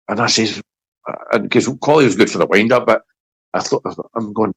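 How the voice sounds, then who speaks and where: A middle-aged Scottish man, a former footballer, telling a story in casual interview chat, halting and repeating words as he gets emotional. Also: lowish voice, a bit bright, husky, rough recording. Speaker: former footballer, podcast guest.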